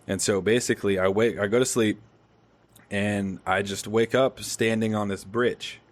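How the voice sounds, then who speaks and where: In a casual podcast chat, the young adult male host tells a lively story at normal speed, swearing a lot along the way. His voice sits on the low side.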